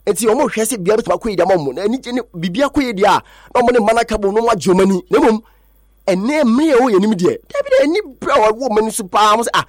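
A man with a Ghanaian accent presenting sports news in an excited way, acting out quotes from players and coaches. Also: high voice, no echo, studio quality. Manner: excitable, mixes languages, acts out quotes. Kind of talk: animated sports talk.

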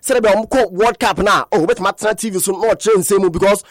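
Fast, high-voiced sports newsman. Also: no echo, clean studio sound. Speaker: sports news presenter. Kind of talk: radio sports news bulletin.

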